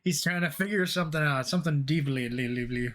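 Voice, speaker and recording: Dude trash talking his buddy on stream, crude and teasing, kinda high voice. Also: quick pace, fairly bright tone. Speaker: streaming co-player. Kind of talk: casual gaming chat.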